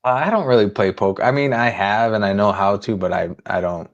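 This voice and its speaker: A man's voice: on the low side, a little fast, highs cut off. A man hosting a casual livestream chat, laid-back and blunt as he tells a story. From Las Vegas area. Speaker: host.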